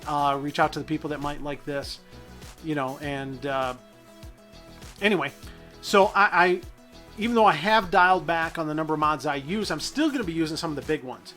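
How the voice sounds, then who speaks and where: Goofy gamer guy thinking out loud, kinda high voice, bright and sharp, rambly. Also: normal speed, faint music behind. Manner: rambling, self-deprecating goofball. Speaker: gaming channel host. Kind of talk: thinking-aloud gameplay commentary.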